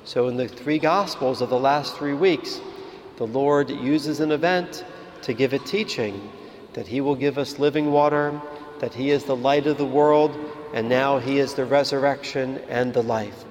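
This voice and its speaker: A man, a priest, giving a calm, measured sermon in a church. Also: medium pitch, faint music behind. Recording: reverberant hall with faint ambience.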